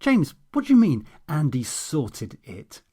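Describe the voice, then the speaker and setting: An exasperated, sharp-tongued young woman, as a male narrator puts her on, with a raised voice. Her sentences swing up high in incredulous contempt. It is a comic audiobook reading. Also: huge pitch swings, unhurried, slightly rough, full character voice.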